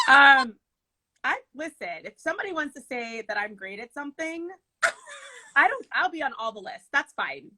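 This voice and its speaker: A woman wedding planner chatting casually in an interview, animated and laughing as she tells stories. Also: sits high, moderate pace, a little hiss or hum, rough recording. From Michigan.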